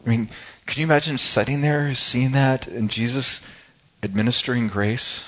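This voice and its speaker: A man's voice: medium pitch, moderate pace, a bit bright, lo-fi sound. Earnest man preaching a sermon. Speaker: pastor.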